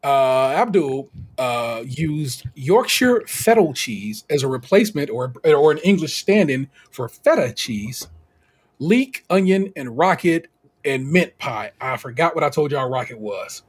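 A man co-hosting a podcast, recapping in a casual, slangy, animated way and laughing often. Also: mid-range voice, a little slow, husky. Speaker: podcast co-host.

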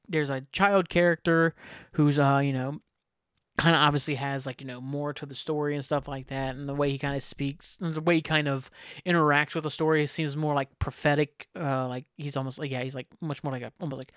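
Rambling man with a higher voice. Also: no echo, studio quality. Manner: rambling, lots of filler words; laughs while telling. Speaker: podcast host. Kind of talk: casual chat.

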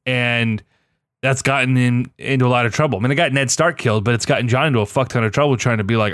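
A man's voice: mid-range voice, fairly even intonation, fast talker, fairly bright tone, no echo, studio quality. A man in a casual chat, ranting with heavy swearing and exasperation.

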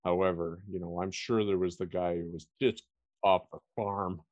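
A man's voice: low voice, fairly even intonation, moderate pace, a little mellow, muffled recording. A man co-hosting a casual podcast, blunt and swearing freely. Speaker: podcast co-host. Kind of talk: casual history chat.

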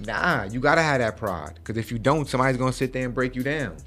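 A man's voice: mid-range voice, fast talker, pushed and bright, faint music behind. A man in his forties hosting a podcast, giving a preachy motivational talk and often checking in with "okay?". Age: 40s. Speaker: podcast host. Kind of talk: casual podcast chat.

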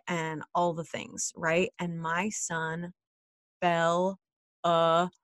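A woman's voice: on the low side, monotone, very slow, no room sound, clean studio sound. A woman in her thirties, a mother, telling a candid personal story in a chatty way and often checking in with "right?".

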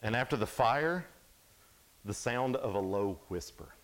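A young adult man giving a casual, animated sermon at a youth camp, sometimes dropping to a hush. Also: medium pitch, unhurried. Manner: casual, animated storytelling, drops to hushed tones.

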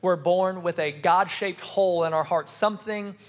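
A young adult man, a student pastor, preaching a sermon with emphatic, repeated phrases that rise and fall in loudness. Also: high voice, moderate pace.

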